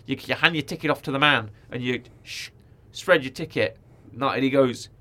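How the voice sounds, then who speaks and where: A man's voice: mid-range voice, moderate pace. Chatty young British man telling stories. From Britain. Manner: chatty storyteller, lively acted-out quotes. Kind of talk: casual chat.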